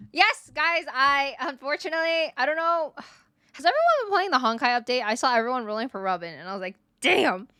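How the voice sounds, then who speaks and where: A woman's voice: sits high, sharp tone, no room sound, clean studio sound. A woman in her twenties chatting casually on a live stream into a desk mic, greeting viewers one by one, her voice a bit worn and giving out. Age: 20s. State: voice giving out, coughing.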